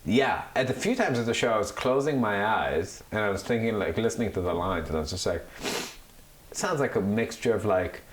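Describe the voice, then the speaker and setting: A man's voice: lowish voice, moderate pace. A man in his thirties, a podcast co-host, chatting casually and rambling with many restarts. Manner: rambling, animated, mocks Italian accents. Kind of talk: casual chat. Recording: echoey room with faint noise.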